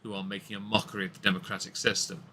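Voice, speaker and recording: Blunt, bright-voiced man opining. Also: on the low side, little pitch movement, very fast, a little hiss or hum. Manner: blunt, opinionated, frequent restarts. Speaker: podcast co-host. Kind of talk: casual political commentary.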